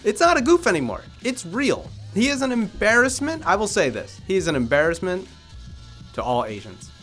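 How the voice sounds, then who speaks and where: A man's voice: sits high, moderate pace, faint music behind. A young adult man co-hosting a sports podcast, ranting and teasing his co-hosts with swearing and laughter. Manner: animated, swearing, teasing rants. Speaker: podcast co-host. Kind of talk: casual sports chat.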